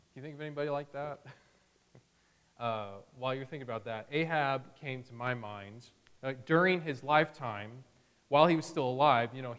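A man's voice: medium pitch, a bit bright, clean tone, long reverb tail. A man teaching a Bible sermon in a conversational way, acting out the people he quotes with a chuckle now and then. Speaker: preacher.

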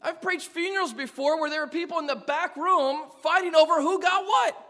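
A man's voice: very high voice, moderate pace, bright, forceful tone. A male pastor preaching a sermon, speaking emphatically and putting rhetorical questions to his congregation. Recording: long reverb of a large hall.

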